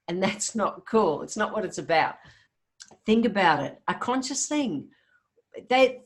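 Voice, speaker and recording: Chatty Australian woman podcast host. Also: fairly low pitch. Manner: chatty, upbeat, addresses listeners as guys. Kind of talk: casual solo podcast talk.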